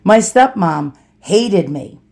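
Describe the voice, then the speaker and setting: A woman's voice: medium pitch, lively intonation, slow, vocal fry, a little mellow. A woman from New City, casually telling a personal story and acting out the people in it. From New York City. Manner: chatty, acts out quoted people. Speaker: storyteller vlogger.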